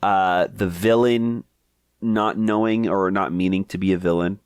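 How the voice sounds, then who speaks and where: A man's voice: low voice, fairly even intonation, unhurried, clear, resonant tone, no echo, clean studio sound. A man co-hosting a podcast, chatting about comics in an easygoing, hesitant way with frequent laughs. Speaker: podcast co-host. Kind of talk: casual comic review chat.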